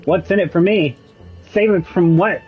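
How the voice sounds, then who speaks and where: A man's voice: sits high, moderate pace. A young man casually commenting while playing a video game, making wry jokes and musing aloud. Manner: wry, joking asides, muses aloud. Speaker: gamer. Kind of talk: let's play commentary. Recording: slightly muffled with faint game music.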